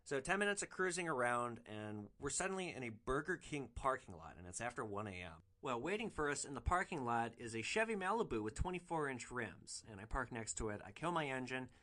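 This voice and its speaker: A man hosting a podcast, telling a rideshare story in a wry, animated way. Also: medium pitch, a little fast, few pauses. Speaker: podcast host, rideshare driver. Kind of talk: storytelling monologue.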